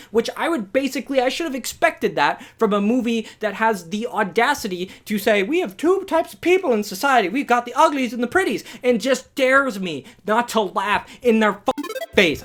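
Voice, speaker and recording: A young adult movie reviewer rants through a video review in an exasperated, sarcastic voice. The delivery is animated, stacking up rhetorical questions and dry asides. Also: mid-range voice. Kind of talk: ranting video review commentary.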